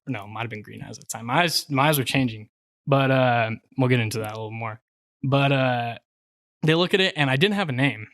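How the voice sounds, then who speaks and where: A man's voice: medium pitch, fairly bright tone, no room sound. A young man spins a long personal story in loose, slangy podcast talk, leaning on fillers as he goes. His voice sits mid-range and the mic is close and dry, with almost no room sound. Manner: laid-back, slangy, lots of fillers. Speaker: podcast co-host. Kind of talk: casual storytelling.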